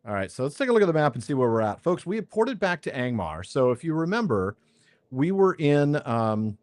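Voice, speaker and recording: A man's voice: a little high, big pitch swings, a little fast, a little mellow, dry recording. A man hosting a game stream, chatting casually and thinking aloud as he plays. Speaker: streamer and podcast host. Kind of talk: casual gameplay commentary.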